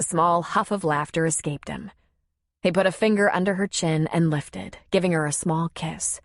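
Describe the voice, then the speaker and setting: A woman narrating a novel as an audiobook in a measured, even storytelling manner. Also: fairly low pitch, no room sound, studio quality. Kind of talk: scripted narration.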